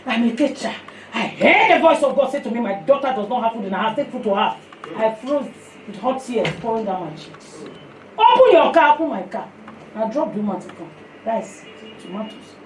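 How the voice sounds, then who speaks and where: High-voiced woman preacher, echoey hall. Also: a little fast, far from the mic, a little hiss or hum. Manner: switches into pidgin, animated storytelling. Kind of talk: sermon testimony and prayer.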